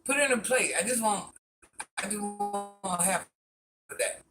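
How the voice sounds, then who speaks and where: A man's voice: high voice, unhurried, music in the background. A man rambling through a casual live stream, answering viewer comments and talking to people off camera in a folksy way.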